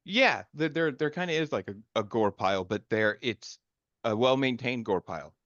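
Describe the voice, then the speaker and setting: A man's voice: mid-range voice, expressive, normal speed, a bit bright, no room sound, highs cut off. A man narrating as game master in a loose, conversational way, restarting his sentences often.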